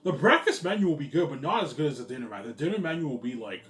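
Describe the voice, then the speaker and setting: A man with a fairly high, slightly bright voice rambles very fast and expressively about his company plans, repeating "yeah, man" and "look at that" over and over. The mic sits far off in an echoey room with faint ambient noise.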